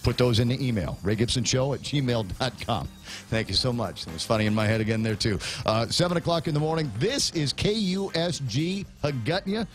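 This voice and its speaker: A man's voice: medium pitch, lively intonation, fairly quick, faint music behind. A man hosting a morning radio show, chatting casually, laughing often and stammering over repeated words. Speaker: radio host.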